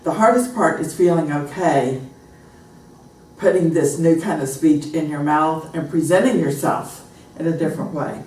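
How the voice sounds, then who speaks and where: A woman's voice: deep voice, normal speed. American woman teaching pronunciation, tells stories and acts out phrases, mic far off, faint room hum. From United States. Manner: animated storytelling, acts out example phrases. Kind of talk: classroom lesson with anecdotes. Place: classroom. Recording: echoey room, recorded from afar.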